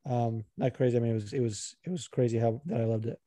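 A man co-hosting a podcast, chatting casually in a rambling, profane, animated way. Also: medium pitch, fast talker, no echo. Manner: rambling, profane, animated, puts on regional accents. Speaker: podcast co-host. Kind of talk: casual chat.

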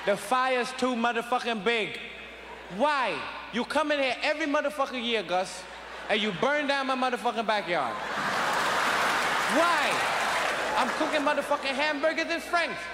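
A man playing a drunk father shouting and ranting at his family during a backyard cookout. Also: very high-pitched, lively intonation, normal speed, pitched above the performer's own voice. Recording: echoey live venue with crowd noise.

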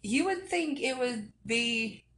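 A woman's voice: a little high, lively intonation, slow pace, fairly bright tone, slight background noise. A woman guest on a casual podcast interview, telling her stories in a wry, matter-of-fact way.

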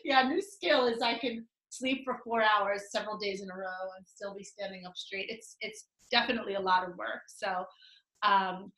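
A woman's voice: mid-range voice, moderate pace, sharp tone, echoey room, poor audio. A middle-aged woman with a nasal voice, a divorce lawyer and coach answering interview questions in a chatty, upbeat way, laughing often and using many fillers.

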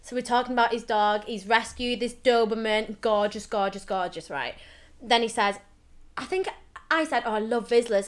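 A woman co-hosting a casual podcast with a fairly high voice. She tells stories animatedly, slipping into the voices of the people she quotes. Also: moderate pace. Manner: animated storytelling, acts out quotes. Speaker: podcast co-host. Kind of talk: casual chat.

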